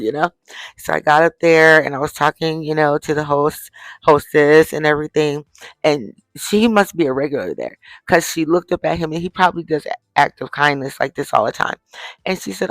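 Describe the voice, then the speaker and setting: A woman's voice: low-pitched, a little fast, creaky, no echo, low-quality recording. A middle-aged woman chatting casually to her viewers, telling a story from her day in a chatty way. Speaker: vlogger. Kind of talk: casual chat. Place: at home, winding down for bed.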